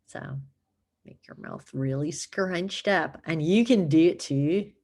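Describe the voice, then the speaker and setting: Chatty, playful woman with a lowish voice. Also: takes it slowly, a little mellow. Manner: rambling, playful, self-mocking, laughs often; dips into put-on accents for fun. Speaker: vlogger. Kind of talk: casual chat to camera.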